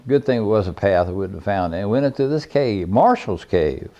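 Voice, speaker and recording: An older man, a veteran caver, recounts his history in folksy, plainspoken, rambling stories. His voice is fairly low, warm and animated, a little fast, with the highs cut off in the recording.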